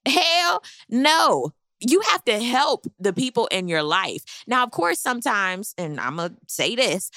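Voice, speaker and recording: A bright, lively woman recaps reality TV, her pitch leaping up and down. Her voice carries a gravelly edge, and the sound is dry and close. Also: no room sound. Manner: sassy, animated, with high squealing reactions. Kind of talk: casual reality show recap.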